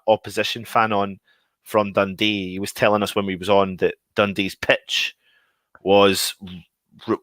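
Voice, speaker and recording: Male co-host, animated storyteller, dry close sound. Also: on the low side, no echo. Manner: animated, storytelling, talks over others. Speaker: podcast co-host. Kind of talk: casual football chat.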